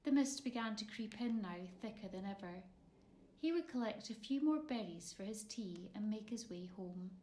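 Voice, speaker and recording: A woman narrating her own children's story in an expressive, measured way. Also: medium pitch. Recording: roomy echo.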